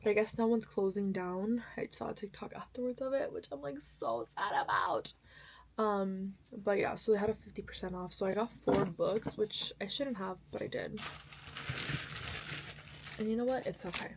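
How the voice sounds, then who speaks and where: A woman's voice: mid-range voice, normal speed, vocal fry, noisy background. A young woman chatting casually to camera about books she bought and is reading, rambling and correcting herself often, tired. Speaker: book vlogger.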